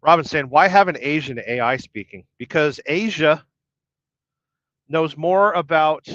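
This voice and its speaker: A man's voice: on the high side, unhurried, fairly bright tone, no room sound. A middle-aged man hosting a casual trucker livestream, reading viewer comments with wry, rambling banter. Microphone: podcast-style audio only. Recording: dull lo-fi dry stream audio.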